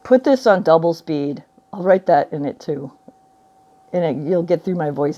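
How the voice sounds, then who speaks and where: A woman in her forties with a low, mellow voice muses in a meandering vlog, laughing often and drifting off mid-thought. The sound is dull and lo-fi. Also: animated, moderate pace. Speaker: vlogger. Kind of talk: rambling spiritual musing to camera. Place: indoors at home by a window.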